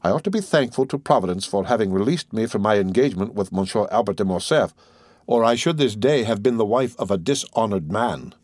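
A man's voice: fairly low pitch, lively intonation, fairly quick, a little mellow, no room sound, clean studio sound. A man voicing a bold, candid young woman who speaks firmly and forthrightly in an audiobook reading. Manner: firm and forthright.

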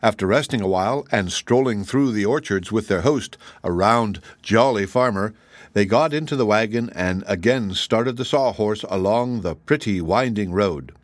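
A man narrating a children's book chapter in a steady, measured reading. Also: fairly low pitch, no room sound. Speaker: audiobook narrator. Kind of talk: scripted narration.

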